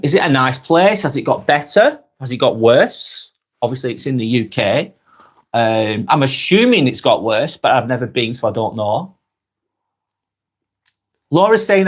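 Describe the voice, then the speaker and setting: A medium-pitched man with a Lancashire accent from North West England hosts a calm live stream. He reads viewers' comments aloud and chats back unhurriedly, with many ums and restarts.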